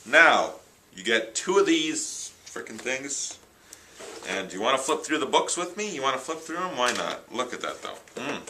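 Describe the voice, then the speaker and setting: A man's voice: mid-range voice, sing-song, moderate pace, pushed and bright, slight background noise, low-quality recording. A man chatting casually on camera, rambling and enthusiastic as he reviews his new films. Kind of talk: casual unscripted vlog. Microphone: handheld camera, self-recorded.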